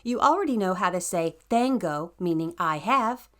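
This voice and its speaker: A woman's voice: on the low side, animated, moderate pace. A woman narrating a scripted language lesson in an upbeat, encouraging way. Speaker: language teacher.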